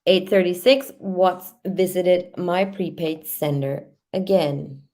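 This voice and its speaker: Host type: unhurried woman with a lowish voice, reads records and muses aloud between them. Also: darkish tone. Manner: reads timeline aloud with hesitant asides and fillers. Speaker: true crime channel host. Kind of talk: reading and commenting on case records.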